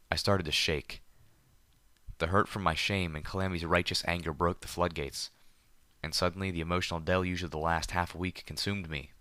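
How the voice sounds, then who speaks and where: Male audiobook narrator, deep and forceful, measured pacing, dry booth sound. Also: no echo. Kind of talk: first-person story narration.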